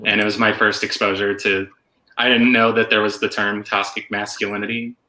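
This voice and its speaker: Earnest man, bright voice, echoey room. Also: fairly low pitch, level tone, brisk. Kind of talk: casual chat.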